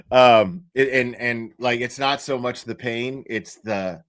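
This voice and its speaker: A man's voice: mid-range voice, slow pace, a bit bright, dry recording. A man talks loosely to his chat in a mid-range voice, crude and joking, laughing at his own lines. The sound is dry and close to the mic. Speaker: streamer talking to chat. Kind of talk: casual livestream chat.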